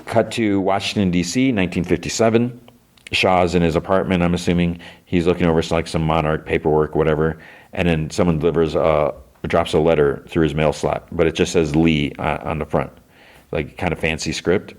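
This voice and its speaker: A man's voice: deep voice, flat delivery, a little fast, a little mellow. A man hosting a podcast, casually retelling a TV episode in a rambling way, full of fillers and quoted lines. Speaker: podcast host.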